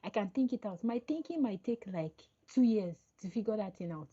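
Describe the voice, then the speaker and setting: Woman guest, lively storyteller, raspy and somewhat high, dull lo-fi call audio. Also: a little fast. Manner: animated storytelling, acts out quoted dialogue. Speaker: podcast guest, coach. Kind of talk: casual interview chat.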